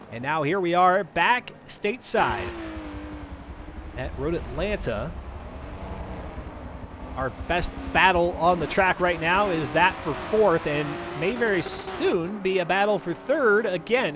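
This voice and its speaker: A high-pitched man calls a live sim race for his stream, drifting into chatty asides with his viewers. Noise hums steadily behind his voice. The delivery is loose and rambling. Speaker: race commentator and stream host. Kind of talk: live sim racing commentary.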